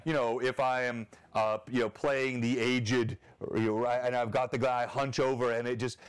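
A man hosting a casual online panel about roleplaying games, animated and quick to laugh, often restarting his sentences. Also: mid-range voice, smooth. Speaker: show host.

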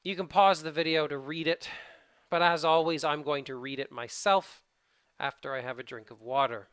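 Fast-talking teacher with a Canadian accent. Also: medium pitch, steady tone, fairly bright tone, clear, resonant tone, dry recording. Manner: fast-talking, casual, informal asides. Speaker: English test prep teacher. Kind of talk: video tutorial.

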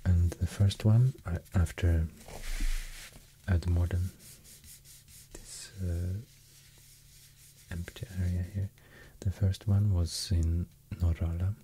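A man with a Swedish accent speaking softly in ASMR style, half whispering and pausing often with fillers as he rambles through an explanation. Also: deep voice, fairly even intonation, a little hiss or hum. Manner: soft, mostly whispered, hesitant with many fillers. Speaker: ASMR host.

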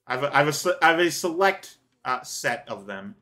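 A man's voice: a little high, big pitch swings, moderate pace, sharp tone, faint music behind. A Canadian man hosting a casual co-op gameplay chat, joking and rambling with many fillers and restarts. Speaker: gaming channel host.

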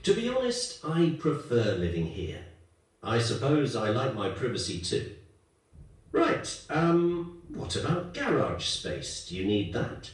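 An easygoing estate agent. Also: male voice, medium pitch, huge pitch swings, slow. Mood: friendly. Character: friendly male estate agent, adult. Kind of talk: scripted coursebook dialogue. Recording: echoey playback heard from far off.

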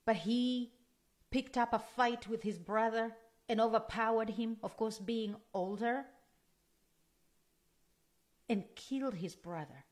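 A woman with a slightly high voice preaches a sermon. She speaks in an earnest, emphatic way and repeats key phrases for stress. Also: takes it slowly, long pauses, a little mellow.

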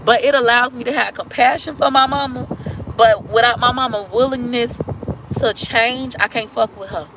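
A woman's voice: a little high, fairly even intonation, noisy background. A woman vlogger telling a painful family story on a live stream, blunt and emotional, with casual slang and cursing. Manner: talks fast in bursts, slows down on hurtful points.

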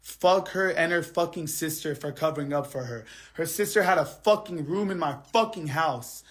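Angry man ranting on a livestream. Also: sits high. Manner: angry, heavily profane venting; repetitive, drops quiet then heats up. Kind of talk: live stream rant to viewers.

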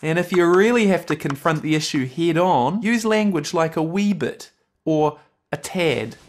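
A man's voice: on the high side, expressive, measured pace. A man with a New Zealand accent in a scripted comedy sketch, explaining things in a laid-back, friendly way. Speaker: flatmate giving advice.

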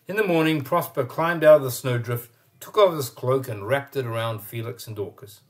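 A man reading a children's picture book aloud, expressive and pausing to point out the pictures. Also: medium pitch. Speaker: storyteller.

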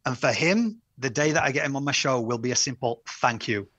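Husky, bright-toned energetic male guest. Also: mid-range voice, brisk, dry recording. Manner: enthusiastic, rambling storyteller. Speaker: podcast guest, campaign founder. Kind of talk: casual interview chat.

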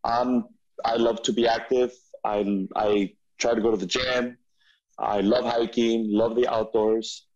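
Animated man telling a story, muffled. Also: medium pitch, unhurried. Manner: animated storyteller, frequent restarts and repeats. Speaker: podcast guest. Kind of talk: storytelling in a casual interview. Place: studio.

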